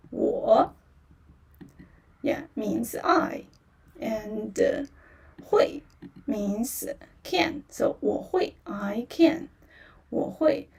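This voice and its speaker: A woman's voice: fairly high pitch, gravelly, a little mellow, recorded from a distance. A woman teaching beginner on a livestream, patiently repeating words and tones with many fillers; is her language. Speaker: Mandarin teacher.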